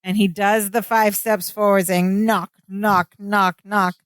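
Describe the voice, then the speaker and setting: A woman's voice: mid-range voice, flat delivery, takes it slowly, no room sound, clean studio sound. A woman co-hosting a podcast, casually retelling sitcom scenes and quoting the characters. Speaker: podcast co-host. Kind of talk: casual chat recapping a sitcom episode.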